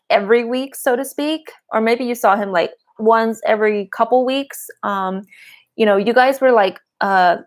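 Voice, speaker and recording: A woman giving a live-streamed tarot and oracle card reading, chatty and giggly, with a lot of "like" fillers. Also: fairly high pitch.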